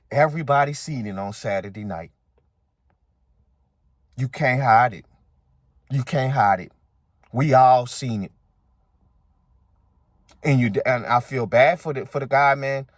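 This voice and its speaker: A man's voice: mid-range voice, no echo, studio quality. A man hosting a sports channel, ranting casually and heatedly at his viewers, repeating his points. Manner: heated, repetitive, talks straight to viewers. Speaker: sports commentary channel host. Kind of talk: casual sports opinion rant.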